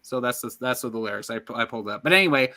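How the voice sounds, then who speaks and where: Bright, eager male podcast host. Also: mid-range voice, lively intonation, very fast. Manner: eager, rambling retelling of scenes. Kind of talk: casual chat about a film.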